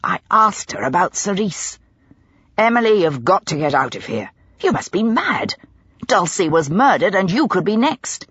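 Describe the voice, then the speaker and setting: A woman voicing a stern, hot-tempered male police inspector who speaks gruffly through clenched teeth. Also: high voice, big pitch swings, moderate pace, fairly bright tone, no room sound, dull audio, exaggerated voice. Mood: angry. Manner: gruff and clipped, ground out between teeth.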